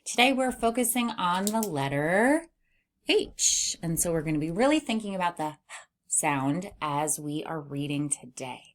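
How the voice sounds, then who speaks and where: A woman teaching an early reading lesson, sounding words out slowly for young children. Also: on the low side, animated. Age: adult. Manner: slow, sing-song teacher voice, sounding out words.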